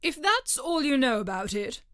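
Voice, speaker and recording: A woman voicing a timid, melancholy king who makes slow, drawn-out pronouncements in a storybook reading. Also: high-pitched, big pitch swings, a bit bright, smooth, dry recording, clean studio sound, voice pushed up. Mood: ponderous. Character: fretful, melancholy king, pompous but timid.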